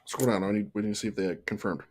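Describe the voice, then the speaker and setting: A woman co-hosting a casual livestream chat, relaxed and dry in her replies. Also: extremely low pitch, racing, slight background noise. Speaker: livestream co-host.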